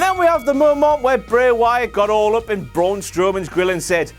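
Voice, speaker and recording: A man's voice: extremely high pitch, moderate pace, hardly any pauses, soft background music. A man hosting a comedic wrestling recap, sarcastic and profane, slipping into silly voices. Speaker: host.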